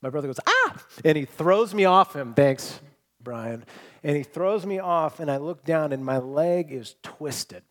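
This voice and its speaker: Pastor preaching, higher-pitched man. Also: unhurried. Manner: storytelling, swings between loud emphatic and quiet hushed delivery. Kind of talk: sermon. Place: church hall with congregation.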